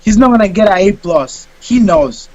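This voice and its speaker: A man, a fighter being interviewed, telling a story in a casual, animated way and acting out what people said. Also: sits high, normal speed, dull audio. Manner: animated, acts out quotes.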